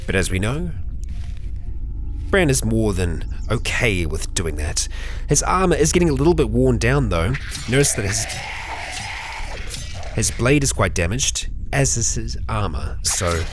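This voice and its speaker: A man's voice: on the low side, very animated, unhurried, pauses often, music in the background. A young man hosting a let's play, chatting casually through the game and talking to the characters on screen. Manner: chatty, talks to game characters, bursts into mock fury and laughter.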